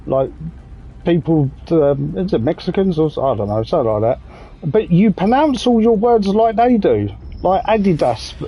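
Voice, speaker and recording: A man's voice: fairly high pitch, sing-song, moderate pace, slightly rough, lo-fi sound. A man in his thirties with an English accent, chatting in a rambling, jokey way while streaming a game and swearing casually. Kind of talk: casual gaming commentary.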